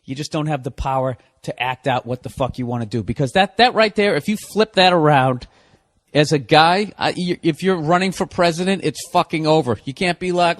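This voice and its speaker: A man's voice: a little high, expressive, fairly quick, no room sound, clean studio sound. A man delivering a profane comedic rant, exasperated and full of swearing and rhetorical questions.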